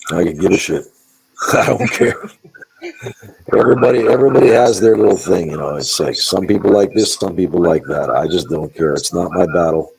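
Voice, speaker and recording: A man with a very low voice full of gravelly fry tells stories bluntly and emphatically, swearing freely. He speaks as a guest in a wrestling interview and often restarts his sentences. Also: lively intonation, a little fast, a little mellow, low-quality recording. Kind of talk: candid interview storytelling.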